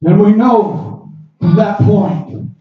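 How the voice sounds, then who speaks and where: A man preaching a youth sermon, acting out biblical characters and rising to shouts. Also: sits high, takes it slowly. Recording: roomy echo, distant mic, dull sound.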